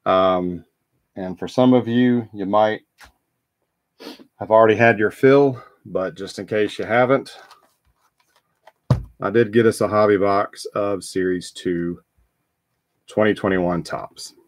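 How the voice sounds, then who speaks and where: A man's voice: lowish voice, fairly even intonation, takes it slowly, pauses often, dry recording, clean studio sound. A man hosting a live trading card break, talking casually and rambling with frequent ums and restarts.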